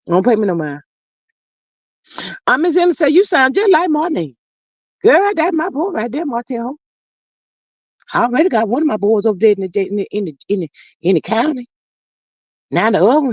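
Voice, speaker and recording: A livestream host casually reads viewer chat aloud and answers with playful, slangy asides and drawn-out hums. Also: mid-range voice, no echo, dull audio. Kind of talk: casual commentary.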